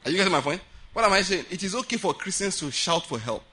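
A man preaching a sermon at a prayer meeting, animated, often laughing and acting out the voices he quotes. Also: sits high, quick pace.

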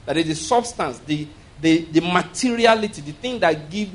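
Male preacher, teaching-style sermon, keeps asking if listeners follow, voice sits a bit high. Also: lively intonation, moderate pace. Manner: explanatory, checks in with listeners.

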